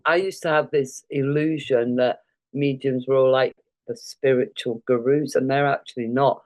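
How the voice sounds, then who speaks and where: A man's voice: medium pitch, fairly even intonation, moderate pace, darkish tone. A man hosting a podcast interview, friendly and agreeable, chiming in and laughing along. His voice sits in a plain middle range. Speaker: podcast host. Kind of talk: casual interview questions.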